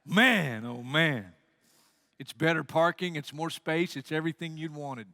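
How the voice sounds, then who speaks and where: A man's voice: fairly high pitch, measured pace, dry recording. A man preaching a sermon as pastor, telling stories with energy and acting out the quoted lines. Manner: animated storytelling, acts out quotes.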